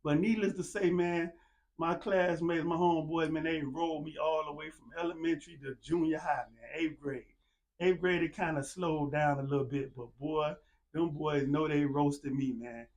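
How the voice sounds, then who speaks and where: A laid-back man hosts his own show, talking in a loose, easygoing monologue. His voice sits a little high for a man. He leans on "man" and "you know what I'm saying" over and over, like he's talking to friends. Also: steady tone, normal speed. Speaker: podcast host. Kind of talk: casual monologue with shout-outs.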